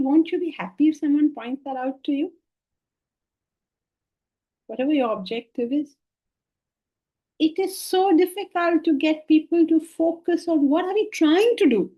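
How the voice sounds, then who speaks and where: A middle-aged woman teaching a scripture class to listeners, questioning and emphatic, shifting between soft asides and lively stresses. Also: sits high, dull audio. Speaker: Vedanta teacher.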